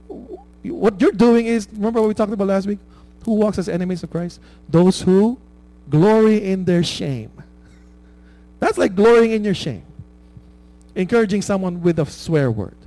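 This pastor has a high, dark-toned voice and preaches in a conversational style, asking his listeners "right?" and laughing at his own stories. The recording quality is poor.

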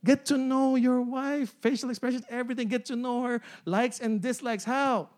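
A man in his forties preaching to a congregation in a fairly high voice. He repeats key phrases, keeps checking in with "amen?" and "right?", and laughs easily as he goes. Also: steady tone, moderate pace, few pauses. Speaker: pastor. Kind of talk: sermon.

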